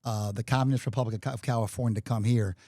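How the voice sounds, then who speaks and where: A man's voice: medium pitch, steady tone, very fast, dark tone, no echo. A male podcast host talks in an average, middle-range voice, effusive and full of praise. His voice is close and dry in the studio. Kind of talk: podcast interview. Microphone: studio microphone.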